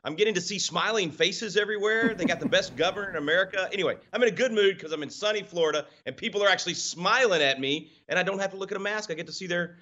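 A man's voice: high voice, fast, few pauses, bright, forceful tone. A man joining as a guest commentator in an interview, upbeat and laughing as he talks. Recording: dull lo-fi remote line.

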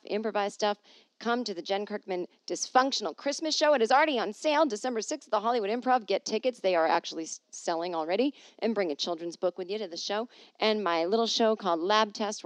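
A woman's voice: mid-range voice, dry recording. A middle-aged woman comedian hosting her podcast from home, chatting loosely and joking at her own expense while reading listener emails. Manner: rambling, self-deprecating, jokey asides.

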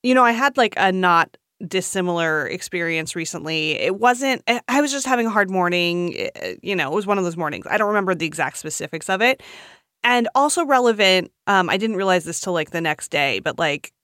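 A woman in her thirties in casual chat, relaxed and quick to laugh. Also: fairly low pitch, no echo, studio quality.

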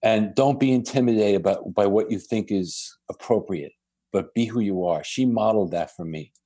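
A man speaks in a fairly low voice as a podcast guest, telling stories at an easy pace. He restarts his sentences often and keeps a reflective tone. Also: moderate pace, warm tone. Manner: reflective, anecdotal, with frequent restarts. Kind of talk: storytelling in a podcast conversation.

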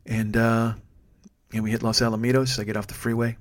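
A man's voice: medium pitch, little pitch movement, brisk. A man telling a story from his driving job in a blunt, profane, exasperated way. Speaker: storyteller, rideshare driver. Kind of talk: casual storytelling.

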